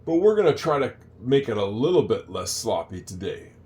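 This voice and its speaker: An older man giving a casual English lesson, chatting, repeating phrases slowly and wandering off on tangents. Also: medium pitch, big pitch swings, a little mellow. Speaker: English teacher.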